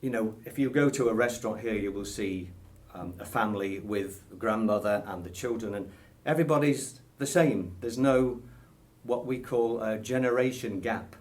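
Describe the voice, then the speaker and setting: Here a sixty-something man from Britain handles interview questions casually, hesitating and chuckling with plenty of ums. His lowish, darkish voice moves at a moderate pace with hardly any pauses.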